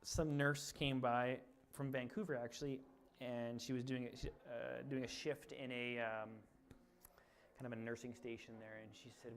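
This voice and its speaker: A man giving a casual slide talk to a club, telling a trip story with fillers and frequent laughter, getting loud when he acts out the story. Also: fairly even intonation, moderate pace. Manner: chatty, laughs often, with fillers and restarts; gets loud and high when acting out the story.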